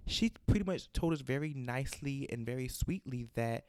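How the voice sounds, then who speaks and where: A man hosting a casual chat, telling animated stories and acting out callers' lines. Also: mid-range voice, fast, creaky, hardly any pauses, no room sound, studio quality. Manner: animated storyteller, acts out callers' quotes. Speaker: podcast host.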